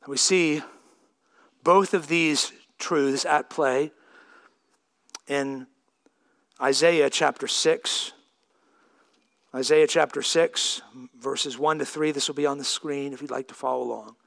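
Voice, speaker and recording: A man preaching a sermon as pastor, reading scripture and building to emphatic, shouted peaks. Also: medium pitch, fairly even intonation, a little slow, creaky, pauses often. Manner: emphatic, swelling to shouts on key lines.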